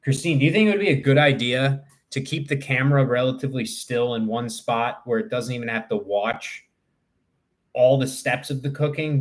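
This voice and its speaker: A young man chatting casually on a livestream, rambling and joking crudely as he answers his chat. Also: medium pitch. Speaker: live streamer.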